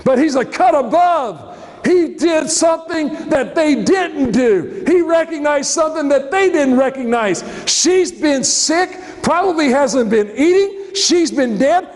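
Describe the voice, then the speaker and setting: A man preaching a sermon as a pastor, telling the story in an animated way and acting out the scene. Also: very high voice, a little slow. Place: church. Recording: long church hall reverb.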